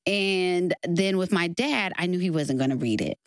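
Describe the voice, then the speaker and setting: A woman from Texas, a guest author, shares personal stories in a faith-based conversation, full of feeling and quick to laugh. Her voice sits a little low, and the recording is dry and close. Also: dry recording. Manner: expressive storyteller, acts out quoted voices, laughs easily.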